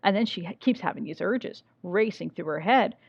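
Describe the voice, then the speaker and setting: A woman's voice: medium pitch, expressive, normal speed, creaky, no echo, lo-fi sound. A woman teaching a literature class, talking casually, asking rhetorical questions and reading passages aloud. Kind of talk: recorded class lecture with read-aloud passages.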